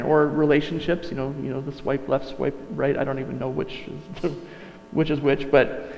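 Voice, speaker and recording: A man's voice: medium pitch, flat delivery, normal speed, vocal fry, darkish tone. A male pastor preaching a sermon in a conversational way, often correcting himself and going off on asides. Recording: dull sound, long reverb, mains hum.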